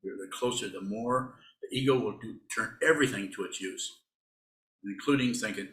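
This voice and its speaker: Male Buddhist teacher, low forceful voice, rambling and teasing, echoey room. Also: normal speed. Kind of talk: dharma talk answering students.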